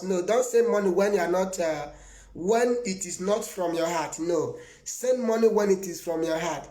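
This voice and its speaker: A Nigerian man with a high voice preaches live to his viewers as a prophet. He talks in an emphatic, rambling way, laughs often and answers viewers by name. His voice rings in an echoey room. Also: normal speed, a little mellow.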